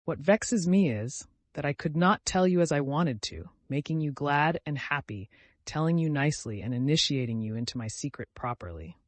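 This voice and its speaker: A man's voice: a little high, animated, moderate pace, no echo. A man voicing an emotional young male clerk, earnest and touchy, in an audiobook reading.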